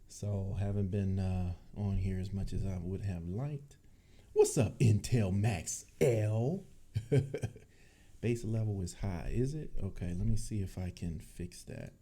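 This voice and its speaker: A man from Cleveland chats loosely on a livestream, relaxed and easygoing with a lot of laughter. His voice sits low and sounds mellow, with a deep bassy weight to it. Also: a little slow. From Cleveland, Ohio. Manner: laid-back, chatty, laughs often. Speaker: tech channel host. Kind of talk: casual livestream chat. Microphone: desk microphone.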